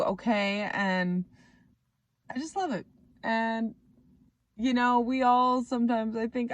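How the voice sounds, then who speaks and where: Raspy-voiced woman chatting to camera. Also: medium pitch, no echo. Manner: rambling, chatty, self-mocking. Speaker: vlogger. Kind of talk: casual chat to camera. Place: Canada.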